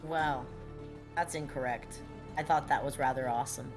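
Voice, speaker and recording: A woman with a very low voice plays a tabletop game with a dry, wry manner, stammering when unsure. Faint music sits in the background. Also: normal speed. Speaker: player. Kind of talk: playing a tabletop game in character.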